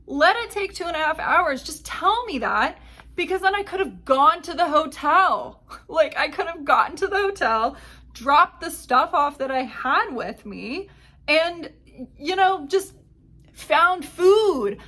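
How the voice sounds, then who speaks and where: A woman's voice: sits high, sharp tone. A woman hosting a podcast, telling a travel story in casual chat and acting out the exchanges she quotes. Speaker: podcast host.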